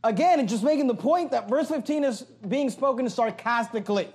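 A pastor preaching an emphatic sermon, reading verses aloud and explaining them line by line. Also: male voice, very high-pitched, animated, brisk, a little mellow.

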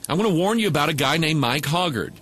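A man's voice: a little high, animated, quick pace, a bit bright, a little hiss or hum. A man preaching to a camera microphone, talking loosely with many fillers and restarts. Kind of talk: casual video commentary.

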